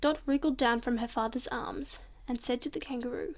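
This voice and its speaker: A woman reading a children's storybook audiobook in a gentle, expressive narration. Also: a little high, a little fast, hardly any pauses.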